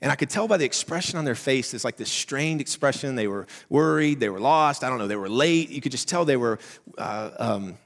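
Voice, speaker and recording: A man with a Southern accent, a pastor giving a conversational sermon, swinging between loud emphatic lines and soft hushed asides. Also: medium pitch, lively intonation, a little fast, vocal fry. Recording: reverberant hall.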